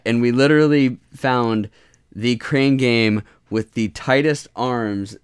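A man co-hosting a casual gaming podcast, excitable and quick to laugh and swear. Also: medium pitch, clean tone, no room sound, studio quality. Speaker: podcast co-host. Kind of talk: casual chat.

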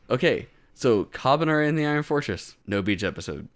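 A man's voice: medium pitch, big pitch swings, fairly quick. A man co-hosting a casual anime chat, rambling with restarts, swearing and laughing easily. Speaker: podcast co-host.

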